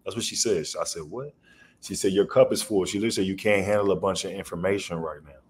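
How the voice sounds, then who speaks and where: Deep-voiced man telling loose stories. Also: fast. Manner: loose, rambling storyteller with slang. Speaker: podcast guest, comedian. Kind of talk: casual storytelling interview.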